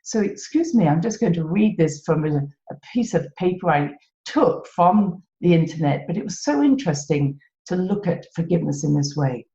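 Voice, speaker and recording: British lady musing on her podcast, lowish voice, laughs at herself, roomy muffled audio. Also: animated, moderate pace. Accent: British English. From Britain. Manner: gentle, self-mocking, laughs often. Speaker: podcast host. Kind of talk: reflective solo podcast talk. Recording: echoey room, dull lo-fi sound.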